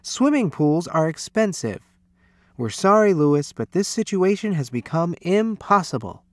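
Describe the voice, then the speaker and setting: Firm, sensible parents in a storybook, as a man reads them out, scolding their son. The voice is slightly raised and measured, recorded close and dry. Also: high voice, very animated, no room sound, pitched above the performer's own voice. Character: stern, sensible parents of a boy.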